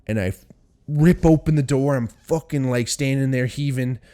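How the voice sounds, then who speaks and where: A young podcast host tells a rambling, profane story in a casual monologue, getting worked up as he goes. His voice is mid-range and mellow, at a normal speed.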